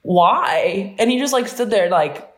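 A young woman from New Jersey, an Olympic fencer, telling stories fast and animatedly in a casual interview, full of "like" and laughs. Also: mid-range voice, animated. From New Jersey, USA. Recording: roomy echo.

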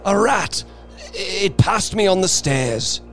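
A man voicing a terrified old father in a horror story, speaking in shaking, hoarse tones. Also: high voice, expressive, takes it slowly, a bit bright, faint music behind, voice pushed up, full character voice. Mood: fearful.

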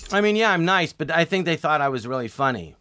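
A man's voice: a little high, big pitch swings, fast, sharp tone, no echo. An older man, a guest on a talk show, telling stories casually and acting out quoted voices with animation. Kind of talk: casual storytelling.

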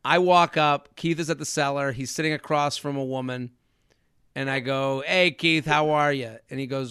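A man's voice: medium pitch, normal speed, smooth, no echo, clean studio sound. A man hosting a comedy podcast, telling stories animatedly and acting out quotes. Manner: animated storyteller, acts out quotes. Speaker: podcast host.

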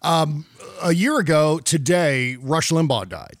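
A man's voice: fairly high pitch, animated, unhurried, no echo. Sarcastic man hosting a dry podcast. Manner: sarcastic, swears, laughs often. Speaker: podcast host. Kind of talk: casual political banter.

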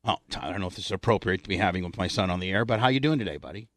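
A man's voice: deep voice, racing, a bit bright, no echo. A middle-aged man hosting a radio show, joking and teasing in casual on-air banter from a studio mic. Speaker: radio host.

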